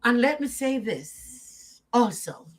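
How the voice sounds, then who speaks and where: A woman's voice: a little high, sing-song, takes it slowly, low-quality recording. A woman hosting a casual live chat, telling a story and giving her opinions in an earnest way. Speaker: host.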